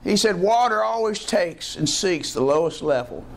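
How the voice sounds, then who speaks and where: A man preaching a sermon as pastor, telling folksy stories and climbing into excited high bursts. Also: moderate pace, vocal fry, very noisy. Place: church.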